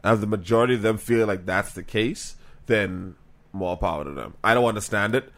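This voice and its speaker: Deep-voiced rambling man from the Bahamas. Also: fairly quick, fairly bright tone. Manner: rambling, profane, thinking aloud. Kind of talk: casual chat.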